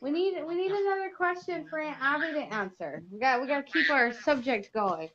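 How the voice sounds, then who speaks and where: Chatty high-voiced mom on a livestream. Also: female voice, fairly quick, dull audio, background noise. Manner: chatty, easily distracted, talks to her toddler. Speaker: livestream host, mother. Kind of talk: casual livestream chat. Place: home living room at night.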